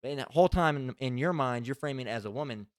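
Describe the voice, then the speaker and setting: Smooth-voiced man giving a rambling religious lesson. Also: mid-range voice, fast talker, no room sound, studio quality. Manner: rambling, profane, conversational. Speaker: religious teacher. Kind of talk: casual spoken scripture lesson.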